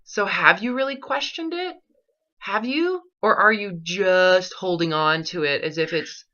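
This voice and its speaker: Woman, recovery coach: bright voice, blunt and confrontational, swears, keeps pressing questions; dull lo-fi audio. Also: mid-range voice, expressive, fairly quick. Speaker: eating disorder recovery coach.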